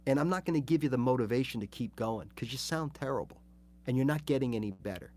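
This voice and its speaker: Man doing a brain's inner voice, male, nagging, blunt, scolding, mid-pitched. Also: quick pace, darkish tone, slight background noise, lightly acted. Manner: scolding, matter-of-fact.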